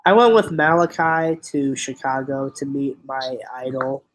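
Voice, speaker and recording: A man's voice: medium pitch, a little slow, poor audio. A young man hosting a casual livestream chat, rambling and giggly, often restarting his sentences. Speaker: livestream host.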